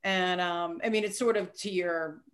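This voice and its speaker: A woman's voice: on the low side, steady tone, normal speed. A woman author talking casually as a podcast guest, chatty and self-deprecating, with frequent fillers and restarts.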